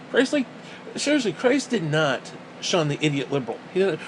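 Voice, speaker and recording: A man's voice: high-pitched, expressive, fairly quick, a little hiss or hum, rough recording. A man giving a heated, profane monologue as a vlogger, often repeating himself as he talks. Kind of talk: ranting monologue.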